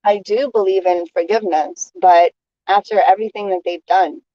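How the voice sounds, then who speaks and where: A woman vlogging a casual monologue, airing grievances in an indignant rant that stops and restarts in halting pauses. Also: mid-range voice, fairly even intonation, no room sound, lo-fi sound.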